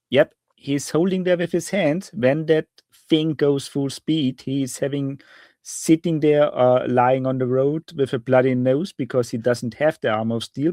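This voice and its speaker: A man's voice: mid-range voice, fairly even intonation, moderate pace, mellow, no room sound, studio quality. A man co-hosting a casual hobby podcast, talking in a thoughtful way and often searching for words. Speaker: podcast co-host.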